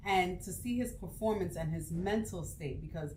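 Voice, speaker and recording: A woman's voice: fairly low pitch, dark tone, echoey room, a little hiss or hum. A woman with a New York accent co-hosting a podcast, chatting in an opinionated, questioning way. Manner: opinionated, questioning, quick rising outbursts. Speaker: podcast co-host. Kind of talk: casual podcast chat.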